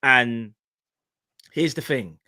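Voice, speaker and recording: A young man co-hosting a casual football chat, animated, teasing and emphatic. His voice is bright and forceful and sits at a middling pitch. It is recorded dry, with little room sound. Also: extremely slow, no room sound. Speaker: co-host.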